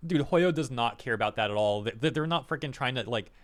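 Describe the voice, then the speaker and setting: A man's voice: medium pitch, animated, fast. A man giving casual reaction commentary as a streamer, rambling and exasperated, with lots of "like" fillers.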